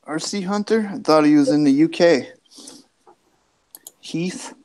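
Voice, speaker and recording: A man chatting slowly in a relaxed live stream, drawing his words out and laughing readily. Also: a little high, low-quality recording. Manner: slow, drawn-out, laughs readily. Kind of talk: casual live chat.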